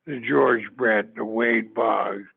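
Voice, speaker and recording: A man's voice: medium pitch, steady tone, takes it slowly, gravelly, husky. An older man, a former ballplayer, tells stories in a rambling way, restarting and repeating himself often. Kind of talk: anecdotal storytelling. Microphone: video call. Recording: tinny phone-like video call audio.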